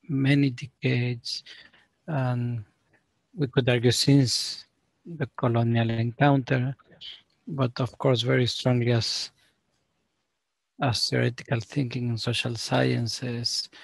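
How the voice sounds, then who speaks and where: A man speaking as a sociologist guest, giving a deliberate, lecture-like explanation of his ideas. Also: mid-range voice, gravelly, breathy edge, no echo. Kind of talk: academic explanation.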